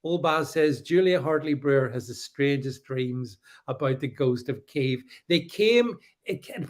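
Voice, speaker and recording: A middle-aged man hosting a casual livestream, talking in a sarcastic, mocking way and laughing often. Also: fairly high pitch. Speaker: livestream host.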